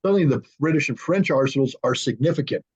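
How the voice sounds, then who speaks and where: A man speaking as an arms control analyst in a panel discussion, animated, acting out both sides in quoted dialogue. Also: mid-range voice, quick pace, slightly rough. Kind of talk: conversational panel talk. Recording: dull lo-fi remote audio.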